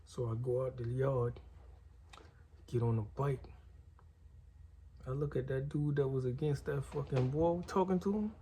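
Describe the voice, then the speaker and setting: A man's voice: medium pitch, a little slow, pauses often, warm tone, a little hiss or hum. A man telling a story in a loose, slangy and profane way. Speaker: guest storyteller. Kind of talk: casual storytelling.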